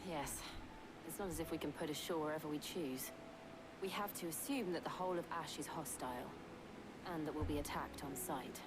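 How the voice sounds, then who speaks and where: A woman's voice: low voice, brisk, heavy background noise, lightly acted. An actress playing a cautious, practical female ally who speaks matter-of-factly. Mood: serious. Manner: matter-of-fact.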